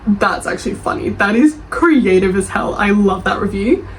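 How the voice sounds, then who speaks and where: A young woman reading book reviews aloud and reacting with animated, defensive chat. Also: medium pitch, normal speed, poor audio. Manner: animated, gushing, defensive, laughs often.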